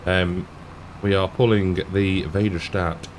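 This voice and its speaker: A man's voice: low voice, level tone, slow pace, a little hiss or hum. A man giving casual, rambling commentary while playing a farming game, often chuckling to himself. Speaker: gaming YouTuber.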